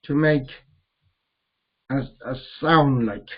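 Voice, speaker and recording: A man teaching Arabic grammar in a classroom lesson, explaining slowly and repeating the words he recites. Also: on the high side, phone-quality sound.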